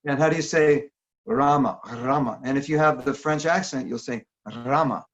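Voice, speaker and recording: In a mid-range voice at normal speed, a man delivers a casual workshop talk via video call. He's conversational and asks the audience questions throughout, and the recording is dull, lo-fi online audio.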